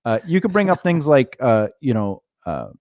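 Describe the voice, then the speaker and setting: Male podcast co-host, animated and jokey, breaks into laughter, close dry mic. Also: medium pitch, moderate pace, no room sound. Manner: laughs often, acts out quotes in silly voices. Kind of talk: joking casual chat.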